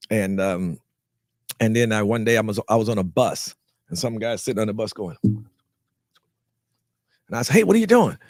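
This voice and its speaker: A fairly low-pitched actor from North Carolina shares his life story in an interview, animated and acting out the people he quotes, often repeating words as he restarts. The studio sound is clean, with no room sound.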